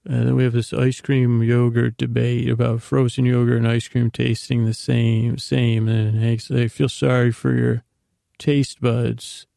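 A man's voice: mid-range voice, little pitch movement, a little slow, creaky, dark tone, no room sound, clean studio sound. A man hosting a sleep podcast, casually rambling through a show recap with many fillers and restarts.

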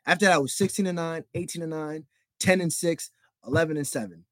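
Brisk and on the high side, this young podcast host's fairly bright voice comes through without echo. In his solo sports rant he rambles, gets worked up, repeats himself, and leans hard on "like" and "bro."

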